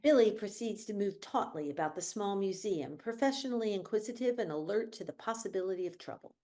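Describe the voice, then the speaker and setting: A woman's voice: medium pitch, animated, warm tone. Woman reading screenplay stage directions. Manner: measured, descriptive. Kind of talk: screenplay table read. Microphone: video call.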